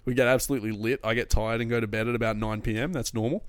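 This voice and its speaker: A young man, co-hosting a podcast in a relaxed, joking way and laughing often. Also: medium pitch, rapid-fire, clear, resonant tone, dry recording. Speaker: podcast co-host. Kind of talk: casual chat.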